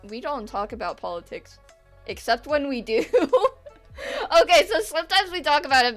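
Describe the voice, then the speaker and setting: A teenage girl talks loosely to her stream chat as she draws, breaking into giggles and teasing viewers with sarcasm. Her voice sits a little high, and soft music plays faintly underneath. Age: teens. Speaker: art streamer. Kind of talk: casual livestream chat while drawing.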